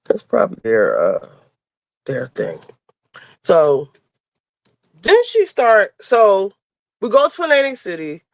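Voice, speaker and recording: Gravelly, lively woman rambling through a story. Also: fairly low pitch, unhurried, long pauses, no echo. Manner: rambling, profane, full of fillers. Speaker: podcast co-host. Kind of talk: casual storytelling chat. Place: moving around indoors, then heading out. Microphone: clip-on microphone.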